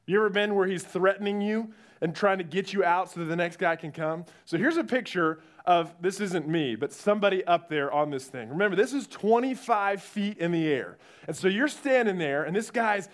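A young man preaching a youth sermon, telling stories with animated quoted voices. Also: high voice, normal speed. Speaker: youth pastor.

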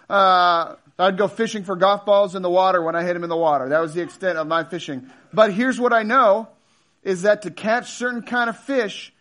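A man in his thirties preaching a sermon in a casual, joking storytelling way with animated asides. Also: high voice. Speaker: pastor.

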